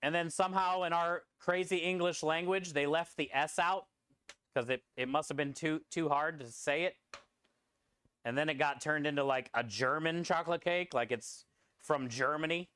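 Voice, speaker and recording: A man's voice: a little high, moderate pace, pushed and bright, clear, resonant tone, dry recording. A man chatting casually on a live stream while he preps food in a food truck kitchen, rambling and answering chat. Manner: rambling, talks through prep and reads chat.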